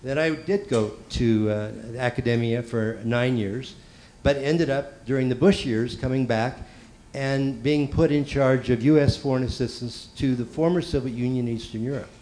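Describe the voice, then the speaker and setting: A middle-aged man with a mid-pitched voice tells a conference panel about his life in a relaxed, conversational way. He hesitates often with fillers, over faint room noise. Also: normal speed, low-quality recording. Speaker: university president.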